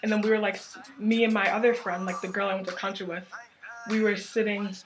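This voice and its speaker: Young woman rambling excitedly, full of "like". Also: mid-range voice, fast talker, crowd noise. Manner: excited, rambling, heavy use of filler "like". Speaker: vlogger. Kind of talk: casual storytelling vlog.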